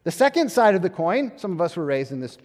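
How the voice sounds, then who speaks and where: A male pastor preaching a sermon in a conversational, animated way, with self-deprecating humor and acted-out quotes. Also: high voice, fast talker, big-room sound.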